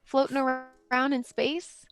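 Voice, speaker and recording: A woman's voice: sits high, level tone, slow pace, a bit bright, faint music behind. A woman playing a tabletop role-playing game, talking in an eager, insistent way. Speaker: player.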